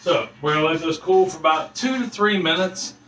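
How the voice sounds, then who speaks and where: Bright-voiced man hosting a home cooking video. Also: on the high side, brisk. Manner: chatty, rambling, restarts often. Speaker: home cooking channel host. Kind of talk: casual cooking demonstration. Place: home kitchen.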